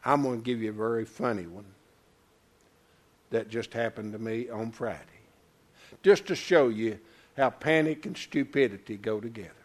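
An older man preaching a sermon, telling a folksy story and swinging from low murmurs to loud high exclamations. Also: moderate pace, long pauses. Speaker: pastor.

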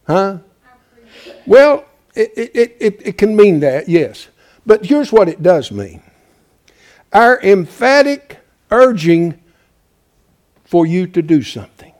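A male preacher giving a fiery sermon, swinging from loud, emphatic urging to quiet pleading and dropping in "bless God" as he goes. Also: high voice. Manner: repeats "bless God" as a filler.

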